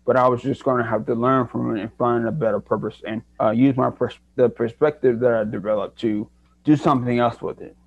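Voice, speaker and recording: A man's voice: medium pitch, creaky, darkish tone, dry recording. A young man, a guest in an interview, telling his own story in an earnest, reflective way and often restarting his sentences. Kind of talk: candid personal story. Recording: dry, dull lo-fi sound.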